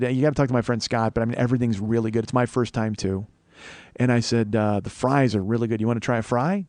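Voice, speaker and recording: A man's voice: mid-range voice, dry recording. Profane storytelling man, dry close mic. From Chicago. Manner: profane, animated storytelling with laughs. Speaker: podcast host. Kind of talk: comedic storytelling monologue.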